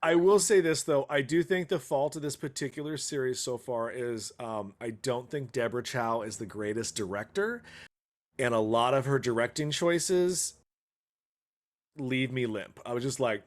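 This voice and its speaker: A man with a mid-pitched voice co-hosts a podcast, telling animated stories and swearing freely as he goes. His talk is casual and loose. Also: normal speed. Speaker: podcast co-host. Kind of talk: casual chat.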